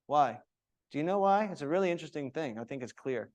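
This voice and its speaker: A man's voice: on the high side, fast talker, muffled recording. A man leading a yoga teacher training, talking to a group of students in an echoey room, acting out tones of voice and asking them questions. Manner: animated, acts out different tones of voice, asks the group questions. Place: room with echo.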